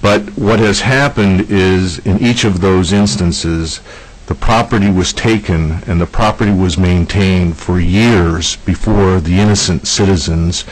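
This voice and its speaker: A man in his sixties, a defense attorney, giving formal testimony to lawmakers in a measured, deliberate way. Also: sits low, breathy edge, poor audio. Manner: measured, deliberate, some filler uhs.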